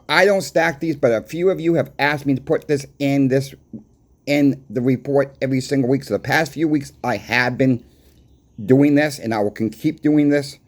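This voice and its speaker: A man with a strong Boston accent talks through his weekly market numbers like a coin shop owner chatting across the counter. His delivery is conversational and repetitive, leaning on emphatic rhetorical questions to drive points home. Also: medium pitch. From Boston, USA. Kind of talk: casual market report to camera.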